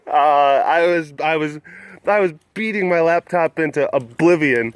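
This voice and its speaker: A man's voice: fairly high pitch, animated, moderate pace, clean tone, dry recording. A man hosting his own vlog in a loose, rambling chat, often restarting sentences and laughing. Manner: rambling, self-interrupting, laughs easily. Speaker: vlog host. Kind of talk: casual chat to camera.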